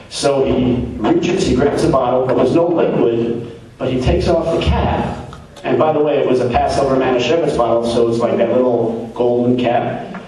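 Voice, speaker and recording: A man's voice: mid-range voice, normal speed, a little mellow. A man working as emcee at a live comedy show, telling a joke in a rambling way, repeating words as he goes. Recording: echoey live room, mic at a distance, faint noise.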